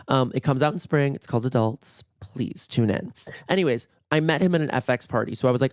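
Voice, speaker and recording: A man with a hoarse, worn-out voice tells stories in a chatty, gossipy way. He swears often and acts out what everyone said. The sound is dry and close, with almost no room echo. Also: medium pitch, fast talker, darkish tone. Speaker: podcast host. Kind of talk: casual solo storytelling. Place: in bed at home.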